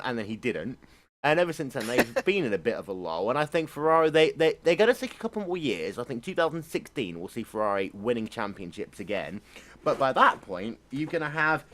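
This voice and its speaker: A man's voice: mid-range voice, a bit bright. A man co-hosting a casual motorsport chat, rambling and opinionated, swearing freely. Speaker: motorsport show co-host.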